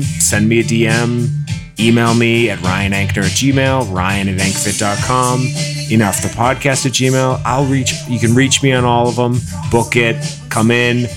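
A man co-hosting a podcast in casual chat, wisecracking and laid-back, and lively when he plugs his training business. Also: mid-range voice, unhurried, over loud music. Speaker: podcast co-host and personal trainer.

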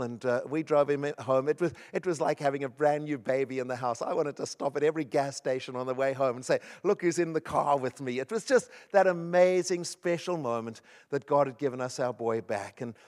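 A man's voice: medium pitch, darkish tone. A middle-aged man preaching a sermon, telling personal stories in an earnest, emphatic way. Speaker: pastor.

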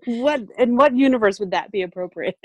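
A woman's voice: a little high, lively intonation, a little fast, a little mellow, no room sound. Woman guest, chatty, says like a lot, laughs a bunch, dry mic. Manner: chatty, laughs often, lots of "like". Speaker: podcast guest. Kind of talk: casual chat.

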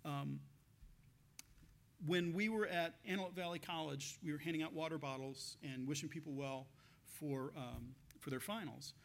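A man's voice: a little high, moderate pace, gravelly, fairly bright tone. A man pastor giving a conversational sermon, telling stories with frequent laughs and restarts.

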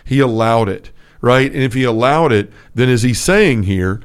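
A man's voice: medium pitch, animated, normal speed, clean tone. A man co-hosting a Catholic talk show, telling a personal story in an earnest, casual way with frequent restarts. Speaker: podcast co-host. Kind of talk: casual faith discussion.

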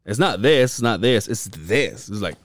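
A man's voice: lowish voice, lively intonation, moderate pace, no room sound. A man co-hosting a podcast in casual chat, telling stories animatedly, laughing often and swearing freely. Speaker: podcast co-host.

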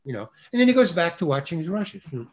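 A man's voice: a little high, very animated, quick pace. An older man, a working actor, telling an anecdote as a guest and acting out the voices of the people in it. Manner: acts out quoted voices, laughs often. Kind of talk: animated storytelling.

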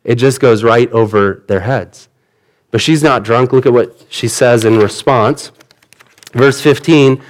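A man's voice: medium pitch, measured pace. A man preaching a sermon in an earnest, conversational way, retelling the story in everyday words. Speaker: pastor.

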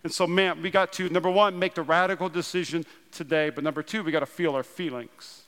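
A man in his thirties from North Dakota, preaching a sermon with animated storytelling and self-deprecating humor. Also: on the high side, fairly quick. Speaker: pastor. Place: large church auditorium. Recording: long hall reverb.

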